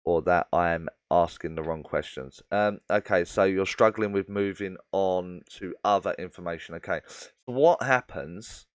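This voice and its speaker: A man's voice: deep voice, measured pace, smooth, no room sound. A man hosting a live question-and-answer stream as a medium, explaining at length with many fillers and addressing viewers by name.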